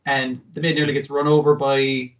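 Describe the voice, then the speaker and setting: A man's voice: mid-range voice, normal speed, far from the mic, dull audio. A man co-hosting a podcast, recapping an anime episode in casual chat, swearing and acting out the characters' lines. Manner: sweary, animated, acts out quotes. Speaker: podcast co-host.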